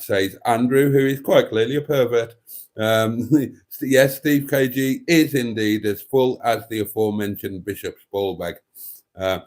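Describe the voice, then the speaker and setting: A man hosting a live stream in a deadpan, mock-pompous way, rambling with many fillers as he reads out viewer comments. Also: mid-range voice, a little slow.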